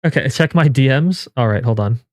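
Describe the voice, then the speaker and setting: A man streaming live, reacting in casual commentary with incredulous, swearing outbursts that jump up in pitch. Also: lively intonation, brisk, a little mellow, no room sound, studio quality. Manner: incredulous, swearing, rising to yelps of disbelief. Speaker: game streamer and YouTuber.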